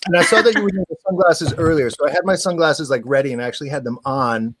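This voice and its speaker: A stream guest chatting on a video call in an animated, enthusiastic, self-mocking way. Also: mid-range voice, fast talker, breathy edge, dry recording. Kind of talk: casual chat.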